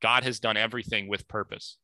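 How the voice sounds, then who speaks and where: A young man with a strikingly bright, forceful voice, recorded close and dry with no room sound. He talks earnestly through scripture in a relaxed podcast style, reading verses with emphasis and stumbling over his own corrections. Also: on the low side, a little fast, no echo. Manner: earnest, self-correcting, thinking aloud; reads scripture aloud with emphasis. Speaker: podcast speaker. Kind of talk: casual Bible discussion.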